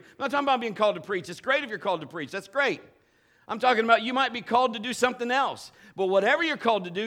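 High-pitched male preacher with a bright edge; excitable participation sermon to a live church. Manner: animated participation preaching, urging the congregation. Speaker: pastor. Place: church sanctuary with a congregation.

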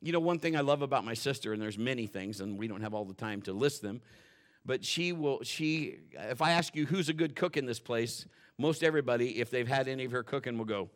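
A male pastor preaching a sermon in a folksy, joking way, dropping to quiet asides and building to loud, fervent stretches. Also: medium pitch, lively intonation, brisk. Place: church.

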